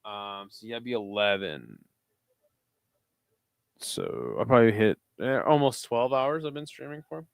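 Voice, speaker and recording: A man's voice: medium pitch, animated, unhurried, vocal fry, pauses often, dry recording, clean studio sound. A tired young man hosting a live watch-along stream, calling the action casually and swearing freely between plays. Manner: laid-back, swears freely, drifts between play-calling and chat.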